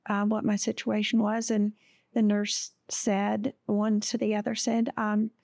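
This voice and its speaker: A woman guest on a podcast telling a personal story in a slow, halting way, with many pauses and fillers. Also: medium pitch, monotone, gravelly, a little mellow, no echo, studio quality.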